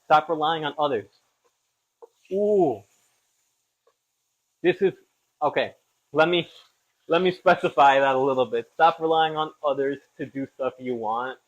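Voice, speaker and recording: A man's voice: on the high side, measured pace, long pauses. Rambling young man cooking at home. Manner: rambling, self-deprecating, upbeat asides. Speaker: podcast host. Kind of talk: casual chat while cooking. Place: home kitchen. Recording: slightly dull lo-fi audio.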